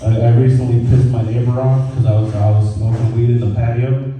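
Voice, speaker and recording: A man's voice: medium pitch, little pitch movement, a little fast, warm tone, a little hiss or hum. A man doing a casual, swearing stand-up comedy set on stage at a brewery, with a dry mouth. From Mexican heritage. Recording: echoey room from far off.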